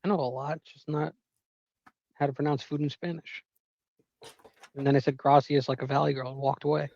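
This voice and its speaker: A man's voice: on the high side, steady tone, fairly quick, creaky, darkish tone, no room sound, dull audio. A man in his thirties co-hosting a podcast, casual and joking, laughing and swearing as he tells stories. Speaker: podcast co-host. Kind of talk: casual chat.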